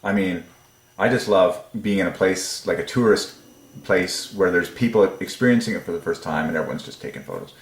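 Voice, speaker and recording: Deep-voiced guy teaching like he's amazed by it all, lots of okays and laughs, kinda echoey room. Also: a little fast. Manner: enthusiastic, marvelling, with frequent laughs and repeated okays. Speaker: religious numerology video host. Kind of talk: casual devotional lecture.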